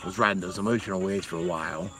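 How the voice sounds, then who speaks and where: A man's voice: low-pitched, fairly even intonation, rapid-fire, a bit bright, low-quality recording. A man from Massachusetts chatting casually on a livestream, rambling and swearing, often laughing. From Massachusetts, USA. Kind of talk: casual chat.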